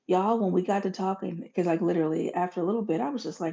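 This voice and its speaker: A woman hosting a motivational monologue in a folksy, animated way, swinging from loud bursts to soft whispers. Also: lowish voice, very fast, vocal fry, few pauses. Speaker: podcast host. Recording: dull lo-fi recording.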